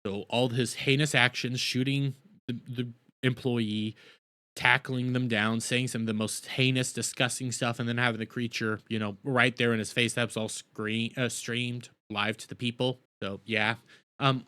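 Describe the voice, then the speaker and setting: A man's voice: mid-range voice, little pitch movement, moderate pace, sharp tone, clean tone. Exasperated man ranting through a review. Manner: rambling, exasperated, sarcastic. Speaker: TV episode reviewer. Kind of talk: casual recap and review.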